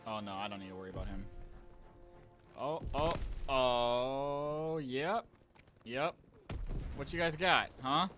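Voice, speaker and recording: A young man giving excitable live commentary on an online shooter match, talking to his viewers and trash-talking as he plays. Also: mid-range voice, slow, long pauses, faint music behind. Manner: excitable, talks to viewers, trash-talks while playing. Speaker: gaming channel host.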